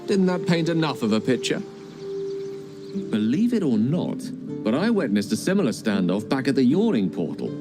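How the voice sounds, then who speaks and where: A man's voice: mid-range voice, sing-song, normal speed, close to an everyday voice. A man voicing a charming, self-assured male wizard in a video game, speaking with a witty, theatrical manner. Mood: boastful. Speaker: game character. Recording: game audio with music underneath. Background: game music.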